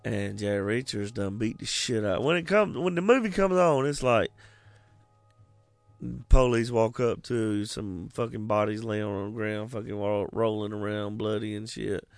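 A man's voice: on the low side, unhurried, no echo, faint music behind. A man in casual movie chat, rambling and profane, slipping into goofy voices as he retells scenes.

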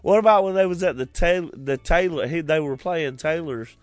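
A man's voice: a little high, brisk, no room sound. A man co-hosting a casual chat, swearing freely, laughing often and acting out quoted lines.

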